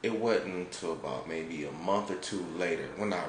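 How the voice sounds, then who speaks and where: A man from Detroit, a podcast host, telling an animated, profane story in a laid-back way. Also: sits low, normal speed. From Detroit, United States. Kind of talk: casual storytelling. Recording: roomy with faint background noise.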